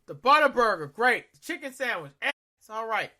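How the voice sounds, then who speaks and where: Bright high-voiced man telling stories. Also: a little fast. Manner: loose, slangy and animated. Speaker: podcast co-host. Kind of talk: casual storytelling chat.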